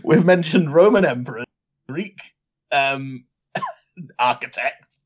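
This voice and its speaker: A man co-hosting a casual podcast chat, often giggling and breaking into high laughs. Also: expressive, takes it slowly, breathy edge. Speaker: podcast co-host.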